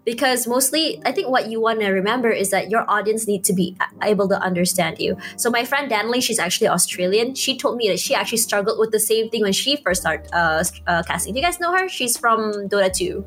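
A woman shoutcaster from Malaysia, speaking with an American-sounding accent and a naturally high-pitched voice, chatting casually as a podcast guest with lots of "you know" and "like" fillers. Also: lively intonation, quick pace, few pauses, soft background music. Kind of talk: casual podcast chat, giving advice.

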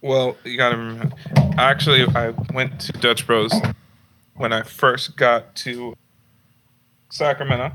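A man's voice: mid-range voice, level tone, measured pace, pauses often, heavy background noise. A young man from Northern California telling a story in a casual, profane, laughing chat over an online call. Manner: laid-back, profane, laughs while telling stories.

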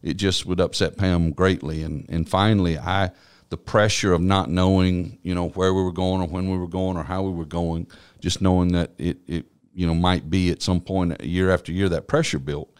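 A man with a very low voice tells his personal testimony in an interview. His storytelling is earnest and reflective. He speaks as someone who serves on a church staff. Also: fairly even intonation, moderate pace, clear, resonant tone. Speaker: church business administrator.

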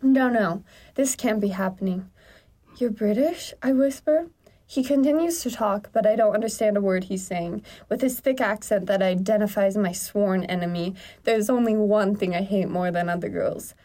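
A woman's voice: medium pitch, normal speed, warm tone. A woman co-hosting a comedy podcast, reading a silly romance story aloud in a melodramatic, hammy way and breaking into laughter. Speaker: podcast co-host.

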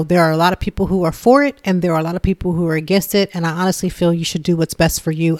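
A woman in her thirties talking candidly and from the heart about her own life, in a relaxed conversational way. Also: lowish voice, dry recording, clean studio sound. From Philadelphia area. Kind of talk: casual personal talk.

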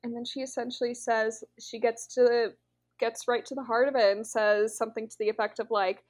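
Chatty young woman, slightly high voice. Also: a little fast. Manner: chatty, animated retelling with lots of fillers. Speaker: podcast co-host. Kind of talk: casual chat.

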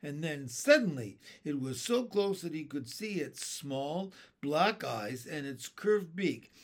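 A man reading a children's book aloud in an expressive, unhurried way. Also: on the high side. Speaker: storyteller.

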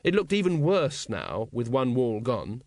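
A man reading an audiobook aloud in a measured, dry way. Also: mid-range voice, wildly swooping pitch, darkish tone, dry recording. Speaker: audiobook narrator. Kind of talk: scripted audiobook narration.

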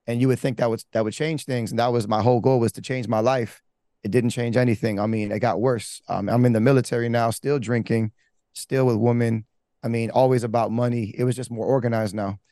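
In a dark, steady mid-range voice, a man talks fast as he shares his personal testimony as a pastor. The candid telling of his life rambles casually, with slang, fillers, and repeated restarts, recorded with no echo.

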